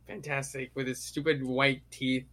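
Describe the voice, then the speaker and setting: A man's voice: mid-range voice, level tone, moderate pace, pushed and bright. A man around thirty in casual chat, rambling enthusiastically and swearing freely.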